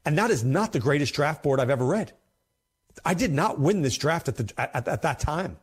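A man's voice: on the high side, lively intonation, brisk, breathy edge. A man hosting a fantasy football show, talking casually and emphatically, often repeating himself for effect. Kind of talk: casual commentary to camera.

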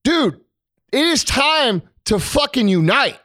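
A man's voice: very high voice, sing-song, takes it slowly, pushed and bright, dry recording, studio quality. A man co-hosting a podcast, giving a heated, profane, preachy rant about what people should do. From United States. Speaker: podcast co-host.

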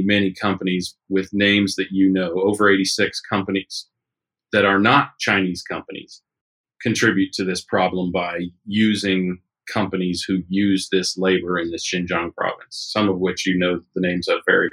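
A man's voice: lowish voice, fairly bright tone, low-quality recording. A man co-hosting a talk show, giving blunt, emphatic opinions in casual commentary. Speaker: podcast co-host.

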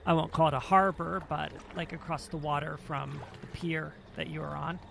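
A woman narrating as game master of a tabletop game, unhurried and descriptive, with fillers. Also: sits low, fairly even intonation, gravelly, slight background noise.

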